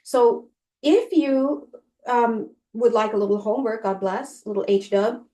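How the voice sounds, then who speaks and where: A woman talks through a casual spiritual lesson, lively and playful, acting out little voices as she goes. Her voice sits a little high. The room around her has a noticeable echo. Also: unhurried. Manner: animated, acts out quoted voices, laughs often. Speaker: spiritual teacher giving a monthly reading. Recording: echoey room.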